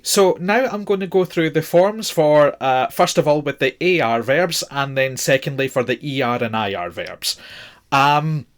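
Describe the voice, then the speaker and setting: Patient man teaching a language lesson. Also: a little high. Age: 40s. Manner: patient, spells out letters, frequent fillers. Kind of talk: explaining a grammar lesson.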